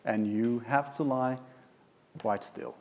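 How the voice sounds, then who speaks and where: A man who is a pediatric radiologist, giving a lecture with anecdotes in a halting way with many restarts. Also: medium pitch, a little mellow. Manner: halting, many fillers and restarts, chuckling asides.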